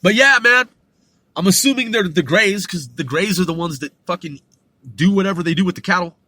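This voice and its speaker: A man's voice: high-pitched, a little fast, sharp tone. A man hosting a podcast, telling a story in a rambling, profane way with many restarts. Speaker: podcast host.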